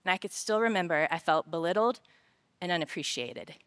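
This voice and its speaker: A woman's fairly low, clear, resonant voice moves a little fast as she speaks from a conference stage. Telling lively personal stories with humor in a faith-based talk about work, she turns earnest and reflective when drawing out the lesson.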